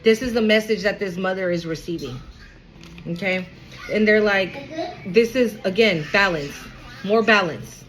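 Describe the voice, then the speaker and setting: A woman's voice: mid-range voice, unhurried, noisy background. A woman giving a casual, emphatic tarot reading, chatting freely and swearing as she passes on messages. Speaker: tarot reader.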